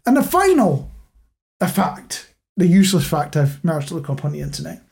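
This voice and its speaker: A man's voice: on the high side, very animated, fairly quick, creaky, darkish tone. A man co-hosting a podcast in casual chat, rambling and self-mocking as he tells stories. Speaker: podcast co-host.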